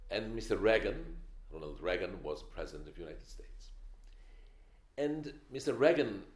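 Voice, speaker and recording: Older man, very deep voice, lively swooping delivery, emphatic lecturing, echoey hall. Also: moderate pace. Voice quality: opinionated, emphatic, wry storytelling. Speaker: film director giving a masterclass. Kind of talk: masterclass lecture.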